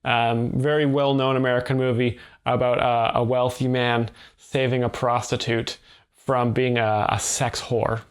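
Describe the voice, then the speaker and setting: A man with a mid-pitched voice, dry and deadpan, who breaks jokes down step by step with mock seriousness. He keeps an even, matter-of-fact tone. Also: unhurried. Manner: dry, deadpan, over-literal explaining. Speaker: mock joke explainer. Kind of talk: deadpan comedic commentary.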